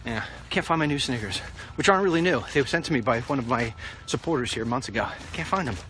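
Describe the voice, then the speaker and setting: A man's voice: medium pitch, expressive, quick pace, bright, forceful tone, slight background noise. Brash man walking and ranting outdoors. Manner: rambling, confident, talks to the president directly. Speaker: political vlogger. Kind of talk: walk-and-talk vlog commentary.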